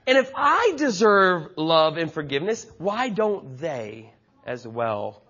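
A man's voice: fairly high pitch, big pitch swings, slow, pushed and bright, highs cut off. A man preaching a sermon with passionate, emphatic delivery and frequent repetition. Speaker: pastor.

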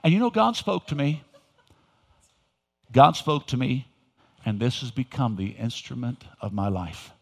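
Older male pastor, folksy sermon, loud emphatic bursts, long hall reverb. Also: mid-range voice, measured pace, gravelly, long pauses. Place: church sanctuary.

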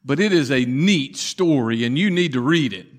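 A man preaching a sermon, telling the story dramatically and swinging from loud to hushed. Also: mid-range voice, lively intonation, moderate pace. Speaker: pastor.

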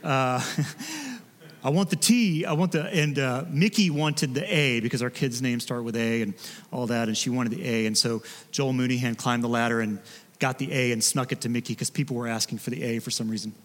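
Joking pastor in a reverberant hall. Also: male voice, mid-range voice, fairly even intonation, brisk. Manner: conversational, joking asides with the congregation. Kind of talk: sermon. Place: church sanctuary.

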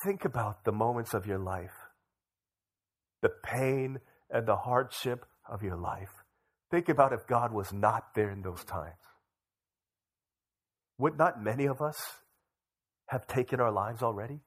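Young male pastor, mid pitch, animated sermon delivery with acted-out quotes. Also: measured pace, pauses often, slightly rough. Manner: animated, acts out quoted voices.

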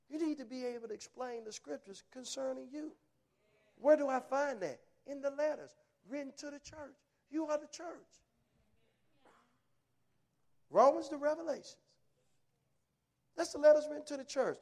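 A man's voice: extremely high pitch, moderate pace, a little mellow. A man preaching a sermon, emphatic and punchy, telling folksy stories and asking rhetorical questions. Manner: emphatic, punchy short phrases.

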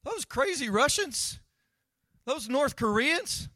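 A man's voice: very high voice, big pitch swings, takes it slowly, bright, forceful tone, dry recording, clean studio sound, pitched above the performer's own voice, heavily acted. A man playing God as a flustered figure caught off guard, in mocking, exaggerated alarm. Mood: mock panic.

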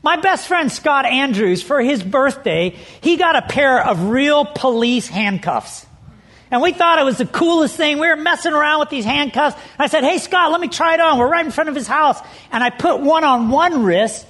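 A man's voice: extremely high pitch, animated, normal speed, a bit bright. A middle-aged man preaching a sermon as pastor, telling stories with animation and leaning hard on key words.

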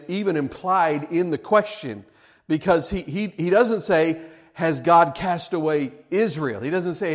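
Earnest stammering male preacher. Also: fairly high pitch. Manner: earnest, repetitive, stammering restarts, rhetorical questions. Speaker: pastor. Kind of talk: sermon.

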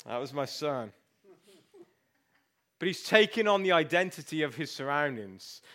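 A middle-aged man, a pastor preaching a sermon in an animated, storytelling way. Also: fairly high pitch, measured pace, slight background noise.

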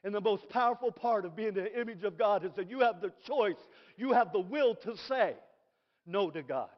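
A middle-aged man preaches with a strikingly high voice. He is animated, sinking into quiet asides and climbing into shouts. The sound is dull and rings with a long hall reverb. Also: normal speed. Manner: animated, swings from soft asides to shouted praise. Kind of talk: sermon.

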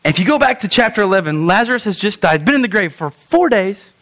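A young man preaching a sermon as pastor, animated, asking rhetorical questions and acting out quoted lines. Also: high-pitched, fast talker.

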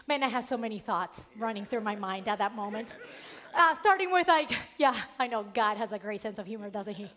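A woman preacher with an accent, giving a sermon and telling a personal story in a lively way with frequent laughs. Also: fairly high pitch, measured pace. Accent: non-native accent. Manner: lively storytelling, laughs often, stresses key words.

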